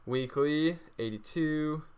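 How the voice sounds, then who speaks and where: A man's voice: on the high side, slow pace, darkish tone, smooth. A man with a Texas accent presenting a screen-share trading tutorial, upbeat and asking himself rhetorical questions he answers right away.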